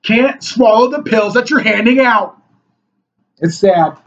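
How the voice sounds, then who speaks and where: A man ranting angrily into the camera, preachy and mocking, his voice husky. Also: sits high, a little slow, highs cut off. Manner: angry, preachy, mocking opponents in whiny voices. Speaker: political commentator.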